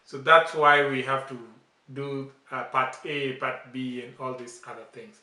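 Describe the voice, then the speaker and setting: A man's voice: mid-range voice, steady tone, measured pace, bright, forceful tone, reverberant. A man teaching a language lesson in a casual way, coaching and correcting pronunciation with emphatic repeats.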